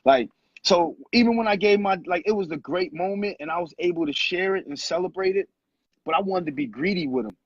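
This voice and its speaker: A man in his thirties, a former pro basketball player and guest, telling animated stories in casual talk and acting out quotes. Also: high voice, a little fast, dry recording. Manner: animated storyteller who acts out quotes. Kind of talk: casual storytelling interview. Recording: muffled lo-fi audio, husky.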